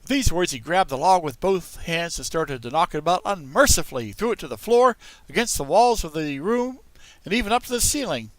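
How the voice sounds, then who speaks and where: A man narrating a classic children's story in an expressive storybook style, talking to young listeners. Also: on the high side, fairly quick, no echo. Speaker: audiobook reader.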